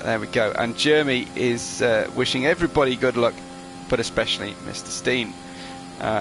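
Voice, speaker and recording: A man commentating an online racing qualifying session, chatty, reading out viewer messages with frequent fillers. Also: medium pitch. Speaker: race commentator.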